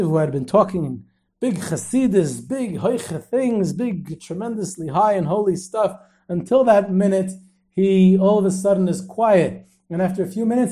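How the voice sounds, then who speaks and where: A man hosting a history podcast, telling stories in a lively way and sprinkling in Yiddish and Hebrew terms. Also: high-pitched. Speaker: podcast host and tour guide.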